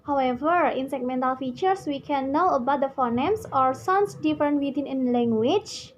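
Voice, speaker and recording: Young indonesian woman, high voice, going slow through her slides, bit of hiss behind. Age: young adult. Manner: slow and careful, with repeated list phrases. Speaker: student presenter. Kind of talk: explaining slides in a class presentation.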